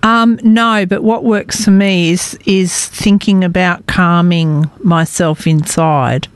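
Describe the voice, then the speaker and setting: A woman co-hosting a radio show, talking animatedly and jumping into the chat. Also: fairly low pitch. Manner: animated, quick to jump in. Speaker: radio co-host.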